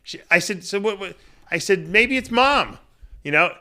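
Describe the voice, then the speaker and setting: Male host, very bright and high, chatty, laughs easily. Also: lively intonation. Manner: chatty, easy laughs, quick to react. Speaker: podcast host. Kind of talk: casual chat.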